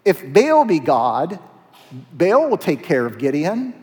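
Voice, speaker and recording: A man's voice: a little high, wildly swooping pitch, slow pace, a little mellow, heavily acted. A man voicing a wise reasoning old father. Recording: long hall reverb.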